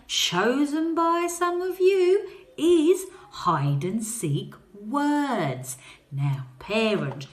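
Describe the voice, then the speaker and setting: A woman teaching a phonics lesson to young children, talking in a slow, encouraging way and coaxing them to answer. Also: medium pitch, reverberant.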